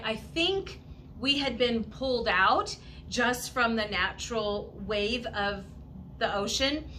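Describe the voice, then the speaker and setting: A woman telling a casual personal story in an animated way, laughing often and acting out what people said. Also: fairly high pitch, slight background noise. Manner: animated, laughing often, acts out quoted voices.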